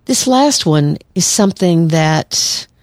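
A woman's voice: fairly low pitch, lively intonation, slow, no room sound, clean studio sound. A woman therapist hosting a solo podcast, talking conversationally and acting out quoted lines. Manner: conversational, acts out quoted lines, laughs lightly. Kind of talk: solo podcast advice talk.

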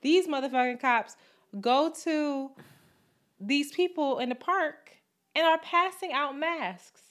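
A woman co-hosting a casual podcast chat, telling stories in an animated, indignant way with frequent swearing. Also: high voice, slow pace. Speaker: podcast co-host.

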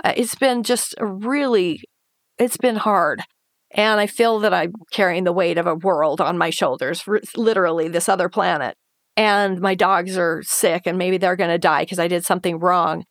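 A woman on the lower side of pitch speaks at normal speed with fairly even intonation, recounting a painful part of her life as an interview guest. Earnest and emotional, she quotes her own past thoughts and imitates others, recorded dry in a clean studio.

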